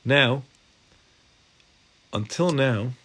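A man teaching a class on Jewish law, lively and informal, mixing English with Hebrew and Aramaic terms and acting out little voices for his examples. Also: medium pitch, extremely slow, husky. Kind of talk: animated Torah class lecture.

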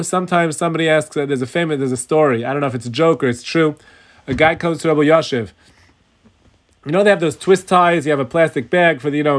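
Man teaching a Talmud class online. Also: on the high side. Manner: explains slowly, stressing key words, tells stories. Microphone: video call.

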